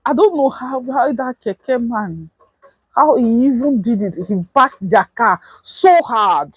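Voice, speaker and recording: Young Nigerian woman vlogger, husky voice, close and dry, lively storyteller. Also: a little high, takes it slowly, no room sound, low-quality recording. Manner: animated, acts out quotes in raised voice. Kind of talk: casual storytime.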